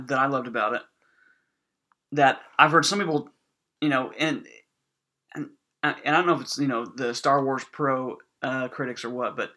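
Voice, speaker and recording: A man from Indiana co-hosting a podcast, talking casually in halting phrases with many restarts. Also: medium pitch, bright, forceful tone. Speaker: podcast co-host. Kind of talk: casual chat.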